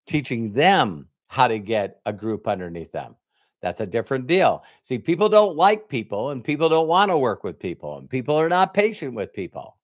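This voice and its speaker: Animated male motivational speaker. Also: medium pitch, normal speed, no room sound, studio quality. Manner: animated storyteller who acts out both sides of conversations. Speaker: network marketing trainer. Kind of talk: motivational talk with retold dialogue.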